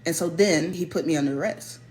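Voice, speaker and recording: A woman telling a personal story in a casual, animated way, stressing and repeating her points. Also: sits low, fast, soft background music. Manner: animated, emphatic, repeats key phrases.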